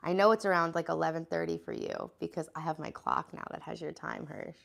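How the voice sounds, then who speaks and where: A woman's voice: deep voice, wildly swooping pitch, brisk, creaky. An American woman chatting casually on a live stream, congested and sniffling, rambling and greeting viewers by name. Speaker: livestreamer greeting her chat.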